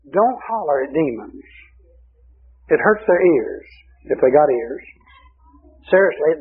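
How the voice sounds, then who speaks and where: Husky folksy preacher man, tinny broadcast. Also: on the high side. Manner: folksy, humorous storytelling. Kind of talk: sermon.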